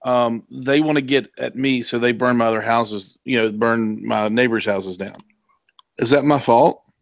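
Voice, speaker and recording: A man's voice: mid-range voice, steady tone, a little slow, gravelly, no room sound. Rambling man with a dry close sound. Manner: rambling, many fillers and restarts. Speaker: podcast co-host. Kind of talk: casual chat.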